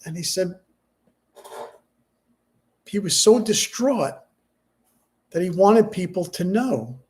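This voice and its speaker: A middle-aged man, grieving and subdued, talking haltingly in a personal vlog, with many restarts and fillers. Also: high-pitched, lively intonation, darkish tone. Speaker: vlogger.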